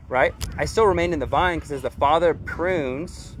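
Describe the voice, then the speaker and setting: A man's voice: on the high side, a little fast, hardly any pauses, slight background noise. A man preaching a sermon as pastor, earnest and conversational, with casual slang.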